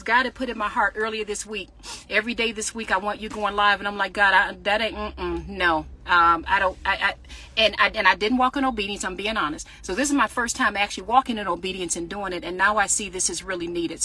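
A woman's voice: mid-range voice, quick pace, sharp tone. A woman podcaster and author preaching in a casual livestream from her parked car, talking straight to her viewers with fervor and reading out their comments. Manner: fervent, talks straight to viewers, reads out comments. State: sweating in a hot car. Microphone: phone livestream.

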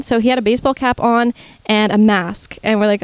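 A woman's voice: mid-range voice, fairly even intonation, a little fast, smooth, no echo. A young woman co-hosting a podcast, telling a story in casual chat, swearing freely and laughing mid-sentence, on a headset mic. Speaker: podcast co-host.

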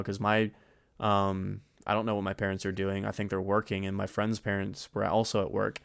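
A young man co-hosting a podcast, telling a rambling, profane story in casual chat and getting animated as he retells it. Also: fairly low pitch, a little fast, vocal fry, clean tone, dry recording, clean studio sound. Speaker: podcast co-host.

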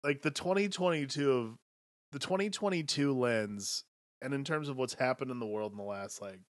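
A man's voice: medium pitch, moderate pace, dry recording, clean studio sound. A man co-hosting a podcast, riffing loosely about films with lots of "like" and casual swearing. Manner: rambling, filler-heavy, profane. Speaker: podcast co-host. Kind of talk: casual film chat.

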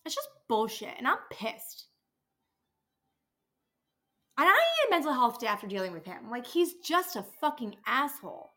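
Her fairly bright, high voice swings widely in pitch and moves fairly quickly. She is a dental office worker in her thirties on a casual solo podcast, exasperated and venting, with plenty of cursing.

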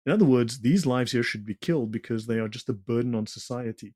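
Talking fast in a medium-pitched, darkish voice, a man walks through slides in a conversation, lecturing tangentially with sarcastic asides. The sound is studio quality with no room echo.

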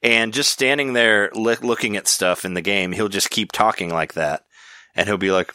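Bright-voiced rambling man. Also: fairly low pitch, normal speed. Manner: rambling, restarts often, laughs easily. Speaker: podcast host. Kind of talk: casual chat.

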